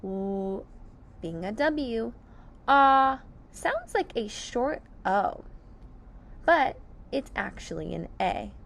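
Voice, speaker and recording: Slow, careful woman teaching phonics. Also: fairly high pitch, very animated, gravelly, a bit bright. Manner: slow and over-enunciated, sounding out syllables. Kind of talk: slow, deliberate phonics lesson for children.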